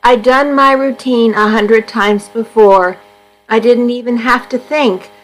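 A woman volunteer reading a first-person magazine story aloud for a radio reading service, in a steady, unhurried storytelling manner. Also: on the high side, soft background music, rough recording.

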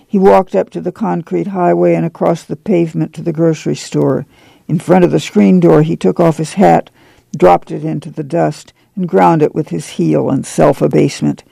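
A man reading a novel aloud for a radio program in plain, even narration at a close studio microphone. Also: a little high, moderate pace, vocal fry, husky, no room sound, rough recording. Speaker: audiobook reader.

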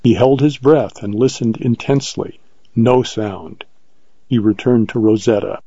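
A man reading an audiobook in scripted narration, calm and even. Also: mid-range voice, measured pace, breathy edge, no room sound, dull audio.

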